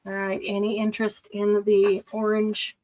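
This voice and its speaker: A woman's voice: medium pitch, monotone, normal speed, darkish tone, poor audio. A woman hosting a casual live-stream craft sale, chatting as she shows items and counts stock.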